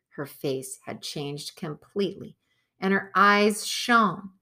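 Audiobook narrator: woman, low voice, bright clear tone, unhurried. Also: animated. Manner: measured storytelling. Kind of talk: scripted narration.

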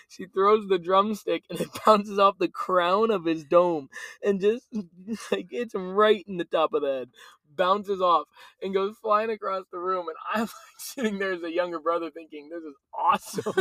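A man's voice: sits high, moderate pace, a bit bright, no echo, rough recording. A young man co-hosting a casual family chat podcast, joking, laughing often and restarting his sentences. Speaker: podcast co-host.

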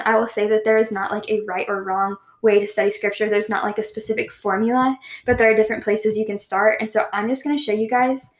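Woman host, slightly high voice, casual devotional Bible study, chatty, reads verses slowly. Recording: echoey room.

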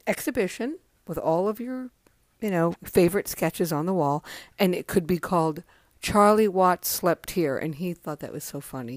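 A woman's voice: fairly low pitch, darkish tone, no room sound. A woman telling stories on her podcast, overtired, rambling and correcting herself as she goes. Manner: rambling, self-correcting, acts out quotes. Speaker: podcast host. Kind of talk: casual storytelling monologue. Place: home.

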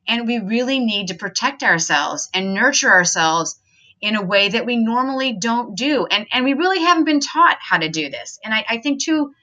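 Woman, podcast host, earnest and chatty, lots of fillers, bright tone. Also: on the high side, lively intonation, moderate pace, muffled recording. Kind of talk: casual self-help monologue.

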